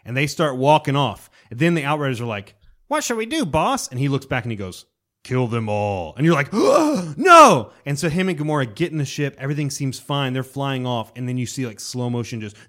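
A man co-hosting a casual podcast chat, excitedly retelling a story and acting out characters and sound effects. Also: mid-range voice, fast talker, hardly any pauses. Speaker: podcast co-host.

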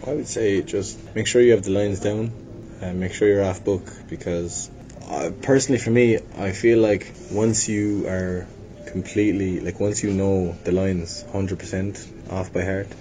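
A man's voice: fairly even intonation, normal speed, mellow. A young man from Limerick with an Irish accent, chatting casually about his acting work, rambling and self-deprecating with many restarts. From Ireland. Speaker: actor guest. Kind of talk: casual interview chat. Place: hotel venue. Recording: noisy with low rumble.

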